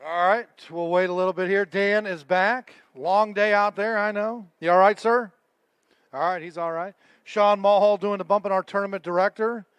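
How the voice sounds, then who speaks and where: A man's voice: high-pitched, steady tone, normal speed, a bit bright, clean tone, no room sound. A man emceeing a fishing tournament weigh-in live, chatting and joking with the anglers and crew. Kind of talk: live event emceeing with casual banter.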